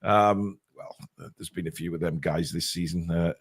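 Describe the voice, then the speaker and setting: A man hosting a casual podcast, reading out comments in a blunt, halting, sometimes sweary way. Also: deep voice, fairly even intonation. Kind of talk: casual chat.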